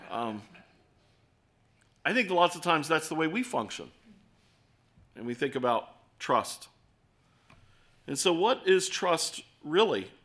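A man's voice: fairly high pitch, big pitch swings, takes it slowly, pauses often, a bit bright. A man preaching an earnest sermon, telling stories and asking his listeners rhetorical questions. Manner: storytelling.

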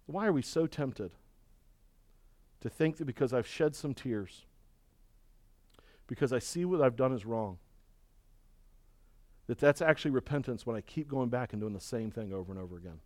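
A man's voice: medium pitch, animated, moderate pace, pauses often, no room sound. A man preaching a sermon as pastor, emphatic and folksy, leaning on rhetorical questions and repeated words.

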